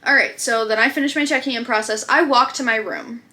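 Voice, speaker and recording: A woman's voice: on the high side, fairly quick, noisy background. A woman with a Minnesotan accent, telling a story in casual chat as a crochet vlogger, chatty and full of fillers. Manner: chatty, filler-heavy storytelling, exasperated rant.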